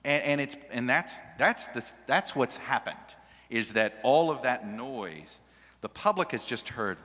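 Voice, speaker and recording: A television journalist speaking on a panel, animated and often restarting his sentences. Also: medium pitch, a little slow. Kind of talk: panel discussion. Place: large hall with an audience. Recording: long reverb of a large hall.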